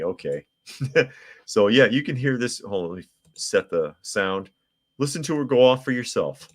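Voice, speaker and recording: A man hosts a live news commentary podcast, reading headlines and viewer comments aloud. He drops mocking asides between them. His voice sits very low. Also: animated, normal speed. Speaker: podcast host.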